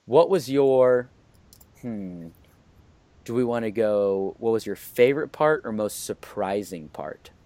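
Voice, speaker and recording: A man's voice: fairly low pitch, animated, slow, warm tone, dry recording. A man hosting a casual movie review, leading the talk with eager opinions and lots of "you know"s. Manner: enthusiastic, leads the discussion, many "you know"s. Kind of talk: casual chat.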